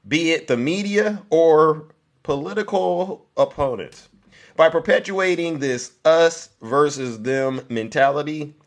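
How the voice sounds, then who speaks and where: A man hosting a live stream of political commentary. He reads a prepared text in a mock-solemn tone and breaks it up with sarcastic, teasing asides to his viewers. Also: mid-range voice.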